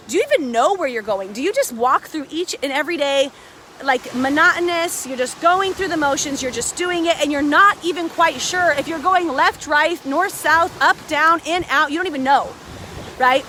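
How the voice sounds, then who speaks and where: Out on a beach, a woman hosts a casual motivational live stream, filmed on a phone held by a friend with faint surf noise in the background. Her voice is high and at normal speed; she's chatty, excitable, a little out of breath, and greets viewers by name.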